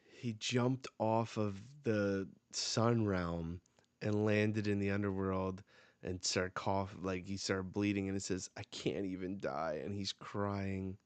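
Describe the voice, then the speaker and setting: A man's voice: sits low, fairly even intonation, takes it slowly, clean tone, no room sound. A man hosting a live reaction, reading comic dialogue aloud and reacting as he goes. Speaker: manga reaction host.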